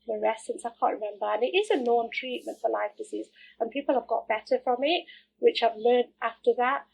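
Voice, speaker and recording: Husky, gravelly middle-aged woman. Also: on the high side, fairly quick, low-quality recording. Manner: candid, animated, acts out quoted remarks. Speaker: interview guest. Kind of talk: personal storytelling interview.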